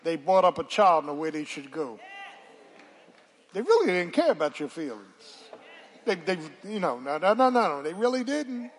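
An older woman preaching a sermon, telling folksy stories and calling out to the congregation, dropping to hushed asides and rising to shouts. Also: fairly low pitch, very animated, normal speed. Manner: dramatic swings from hushed asides to shouted exclamations; folksy storytelling with call-and-response to the congregation.

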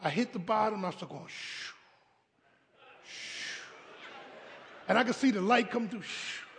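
A man preaching a humorous, animated storytelling sermon at a live service, calling out to the congregation. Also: sits high, quick pace, creaky, long reverb tail, slight background noise. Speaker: pastor. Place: church sanctuary, live service.

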